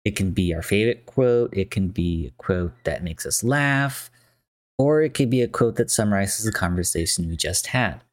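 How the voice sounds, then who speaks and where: A man's voice: fairly low pitch, expressive, normal speed, no room sound, clean studio sound. A man hosting a movie podcast, laid back as he introduces segments and chats about memes. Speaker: podcast host. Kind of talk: casual movie discussion.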